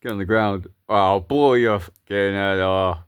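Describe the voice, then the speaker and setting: A man voicing an aggressive armored trooper who shouts threats in a plush toy skit. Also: deep voice, normal speed, smooth, no room sound, pitched below the performer's own voice, close to an everyday voice. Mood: threatening.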